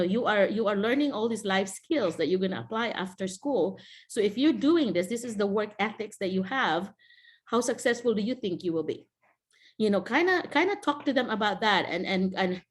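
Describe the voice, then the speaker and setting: A middle-aged woman from the Philippines with a Filipino accent, a teacher mentor talking casually on a video call, telling classroom stories and often quoting people with a laugh. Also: medium pitch. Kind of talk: casual Zoom talk to teachers.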